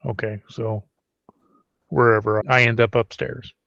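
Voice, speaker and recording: A man's voice: mid-range voice, little pitch movement, measured pace, gravelly, sharp tone, no echo. A man playing a tabletop role-playing game, thinking aloud as he plans his character's moves. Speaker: player. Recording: dull remote mic.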